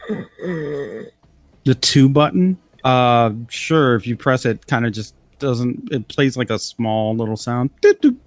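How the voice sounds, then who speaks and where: A man's voice: mid-range voice, takes it slowly, no echo. A man narrating a tabletop game as game master, describing scenes loosely with many fillers.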